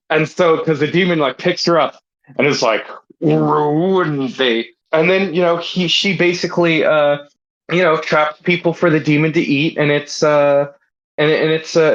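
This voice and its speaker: A man's voice: on the high side, fairly even intonation, moderate pace, fairly bright tone, highs cut off. A man co-hosting a comedy podcast, telling a rambling story in casual chat with lots of filler words. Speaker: podcast co-host.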